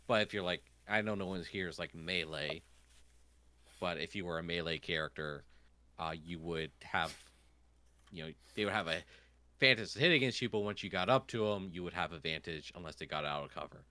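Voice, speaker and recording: A man's voice: low voice, fairly quick, bright, forceful tone, dry recording. A man narrating as game master, rambling with lots of fillers.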